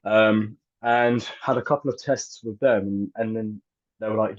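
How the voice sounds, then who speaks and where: Male guest, 30s, low-pitched, hesitant and filler-heavy; muffled lo-fi recording. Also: fairly even intonation, normal speed. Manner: hesitant, many fillers and restarts. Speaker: actor and filmmaker guest. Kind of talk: casual interview chat. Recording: dull lo-fi audio.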